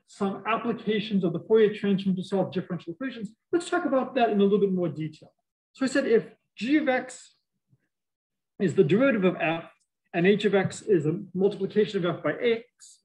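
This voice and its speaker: High-voiced Boston professor lecturing. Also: male voice, poor audio. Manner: animated, joking asides to students. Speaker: math professor. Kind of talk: university lecture. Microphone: muffled by face mask.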